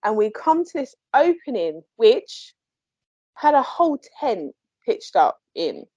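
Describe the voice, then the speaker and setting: A woman, a paranormal investigator, telling a story in a chatty, animated way on a podcast, quick to laugh. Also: fairly high pitch, slightly rough, dry recording. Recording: dry, slightly muffled podcast audio.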